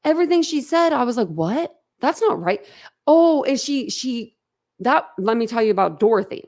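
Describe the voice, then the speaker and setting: Woman, gravelly voice, blunt rambling livestream chat. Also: high-pitched, fairly quick, a little mellow. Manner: rambling, blunt, laughs often. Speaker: livestream host. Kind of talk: casual chat with live viewers.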